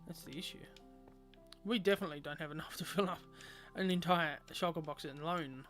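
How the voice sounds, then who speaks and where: A man's voice: fairly high pitch, brisk, fairly bright tone, faint music behind. A man streaming a game, chatting casually with viewers and rambling aloud with lots of fillers.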